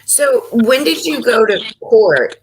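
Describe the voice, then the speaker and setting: A woman interviewing a guest, asking questions gently and giving frequent soft agreements. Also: on the high side, lively intonation, slow pace.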